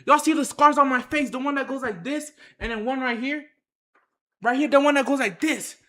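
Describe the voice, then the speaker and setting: A speaker telling a wild story to viewers in casual slang, acting out fights with shouted sound effects and repeated phrases. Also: sits high, brisk, reverberant. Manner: excited, acts out the action with sound effects and shouts. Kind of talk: animated tall-tale storytelling to viewers.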